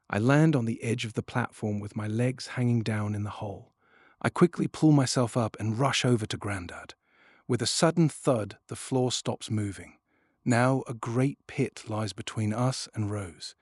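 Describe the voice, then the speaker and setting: A man narrating a children's storybook in first person, expressive and dropping to a hush at tense moments. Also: medium pitch, a little slow, slightly rough, no echo, clean studio sound. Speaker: audiobook narrator.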